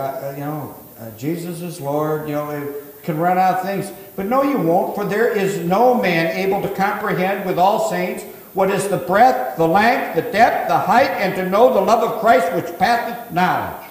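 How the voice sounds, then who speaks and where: A middle-aged man, a pastor preaching a sermon, rising to emphatic preaching with quick asides. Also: sits high. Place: church sanctuary. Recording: echoey hall.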